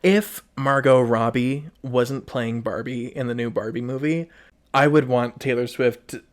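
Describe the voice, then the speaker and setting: Man, podcast co-host, casual, halting delivery with frequent repeats, middle pitch. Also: steady tone. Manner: halting, restarts and repeats words. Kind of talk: casual chat.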